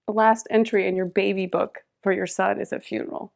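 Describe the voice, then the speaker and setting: Her pitch barely moves and stays mid-level as this middle-aged woman, a podcast guest, recounts something from her own life at a fairly quick clip. The gravelly, fry-tinged voice shifts back and forth between loud, urgent bursts and soft, hushed moments.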